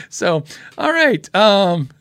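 A man's voice: high-pitched, a bit bright, no echo. A man from Tucson who runs a music store, telling a story casually to a live audience. He laughs often and restarts his phrases. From Tucson, Arizona, USA. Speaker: music store owner and stream host.

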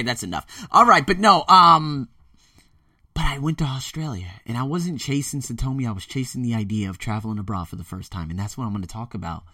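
Animated rambling New man. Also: medium pitch, no room sound, clean studio sound, far from the mic. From the Bronx, New York. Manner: rambling, animated storytelling with self-mocking asides. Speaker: podcast host. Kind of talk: casual solo podcast monologue.

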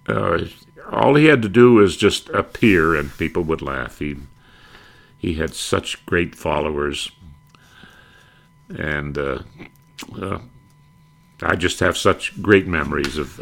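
An older man with a very low, gravelly voice reminisces about old radio shows. He wanders fondly from one memory to the next, with the odd pause and filler. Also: fairly bright tone. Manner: fond, rambling, breaks into quoted catchphrases. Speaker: radio nostalgia speaker. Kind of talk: reminiscing talk with brief impressions.

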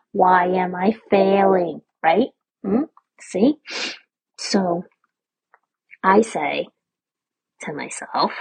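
A woman's voice: fairly low pitch, husky, no room sound, low-quality recording. A woman hosting her own podcast, talking candidly in a casual spiritual monologue, swearing freely, laughing often and checking in with listeners with "right?". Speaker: podcast host.

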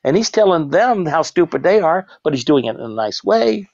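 Brief: animated male interview guest, lively raised voice, dry, slightly dull recording. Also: a little fast, no echo. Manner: animated, jumps into high shouted voices for quotes, laughs often. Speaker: professional clown, guest. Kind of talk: casual interview storytelling.

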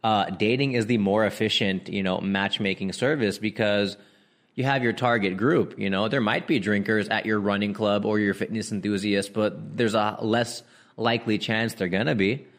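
A young comedian with a somewhat low voice riffs casually to his listeners. He talks in slang, laughs mid-sentence and breaks into quick impressions of other people. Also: fairly even intonation, fairly bright tone. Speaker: comedian podcast host. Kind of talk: casual comedic riffing monologue.

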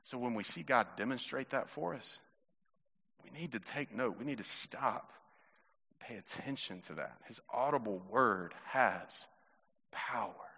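A man's voice: medium pitch, animated, measured pace, creaky, bright, forceful tone, husky, lo-fi sound. Man preaching in a reverberant hall. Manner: conversational, storytelling, addresses congregation directly. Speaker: pastor. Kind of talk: sermon.

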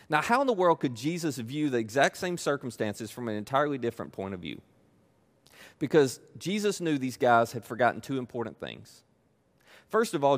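Emphatic preacher man, fairly high voice. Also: very animated, normal speed. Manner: emphatic, repetitive, playful asides. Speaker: pastor. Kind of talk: sermon.

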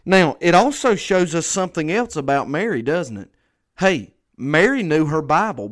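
Earnest man preaching a sermon. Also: a little high. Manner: earnest, conversational, repeats phrases for emphasis. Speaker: pastor.

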